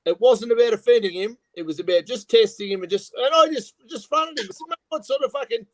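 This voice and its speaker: A man with an Australian accent and a fairly high voice spins profane, rough-edged stories in casual chat. The sound is dry and close, with no room around it. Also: animated, fast talker, dry recording.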